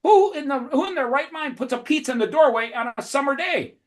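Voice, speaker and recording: A furious pizza company boss shouts in a voice pitched way up, scolding and exasperated, as a man puts him on in the middle of an interview story. He talks fast and loud. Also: expressive. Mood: yelling. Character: angry male pizza company owner yelling.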